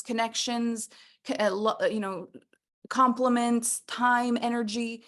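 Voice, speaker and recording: Animated woman coaching a workshop. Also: fairly high pitch. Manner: animated, playful, acts out little scenes. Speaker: personal development coach. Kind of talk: workshop teaching talk.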